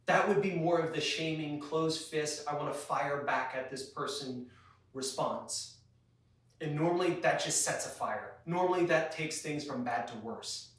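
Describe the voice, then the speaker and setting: Guy preaching to the youth group, kinda high voice, mic far off in a super echoey room. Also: a little slow, a bit bright. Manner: earnest, lots of rhetorical questions to listeners. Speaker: youth pastor. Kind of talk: youth sermon.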